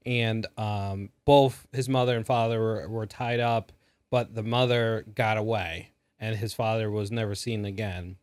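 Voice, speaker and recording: A man's voice: fairly low pitch, fairly even intonation, measured pace, darkish tone, smooth, dry recording, studio quality. A man co-hosting a podcast, recapping a movie in a rambling, casual way with lots of fillers. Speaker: podcast co-host. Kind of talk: casual movie review chat.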